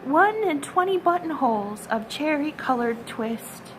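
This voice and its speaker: A woman's voice: high-pitched, animated, unhurried, a bit bright, a little hiss or hum, pitched above the performer's own voice. A woman voicing a poor old male tailor in a storybook reading, mumbling and lamenting anxiously. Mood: worried.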